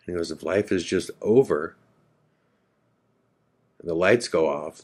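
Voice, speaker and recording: A podcast host, a man, slowly and quietly retelling a heartfelt conversation, quoting both sides. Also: sits low, husky. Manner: slow, quiet, reflective retelling with quoted dialogue. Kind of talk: emotional personal storytelling.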